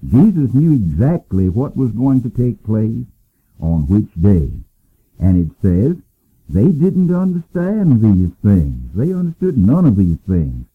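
Older man, Bible teacher, folksy conversational talk, husky voice, tinny phone-like radio sound. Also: on the low side, very animated, slow pace. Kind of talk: informal Bible lesson.

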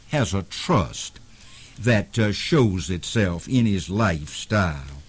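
A man teaching the Bible on a radio program, in a folksy, conversational way with frequent pauses and fillers. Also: lowish voice.

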